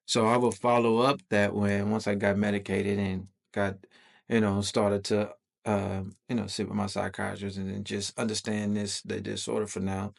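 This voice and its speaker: A man's voice: fairly low pitch, level tone, moderate pace, gravelly. A man hosting a podcast, telling a personal story in loose, slangy, profane conversational talk. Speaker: podcast host.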